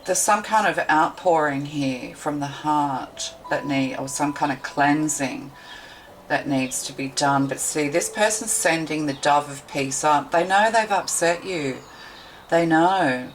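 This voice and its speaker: A woman's voice: low voice, unhurried, slight background noise, rough recording. A woman tarot reader giving a meandering, intuitive card reading, thinking aloud with many fillers.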